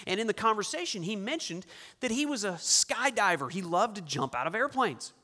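A male pastor preaching a sermon, shifting from loud emphatic lines to hushed, intense ones. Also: a little high. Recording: long reverb in a large hall.

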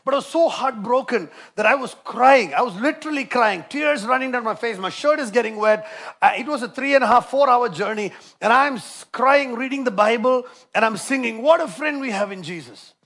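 High, gravelly-voiced male preacher. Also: a little fast. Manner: impassioned preaching, swinging between loud emphasis and hushed storytelling. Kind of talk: sermon.

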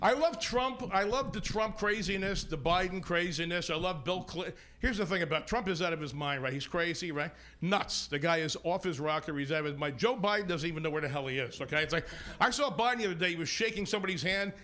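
Brash, bright-voiced comic. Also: male voice, high voice. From Ireland-descended American? no. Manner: brash, rapid jokey delivery with asides. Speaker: stand-up comedian guest. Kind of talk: stand-up comedy set. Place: local TV studio.

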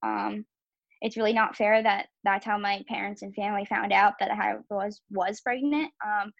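A woman's voice: mid-range voice, fairly even intonation, moderate pace, vocal fry, a bit bright, no echo. A young woman telling her own story as a podcast guest, candid and casual, with many "um"s and "like"s. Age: young adult. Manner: candid, filler-heavy with frequent "um" and "like". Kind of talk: personal storytelling. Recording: dull, slightly lo-fi audio.

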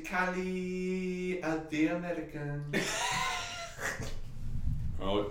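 A man's voice: sits high, slow pace, slight background noise. A man hosting a mock talent show with playful, laughing banter. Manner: playful, laughing, announcer bursts. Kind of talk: comedic improvised banter. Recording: echoey room, distant mic.

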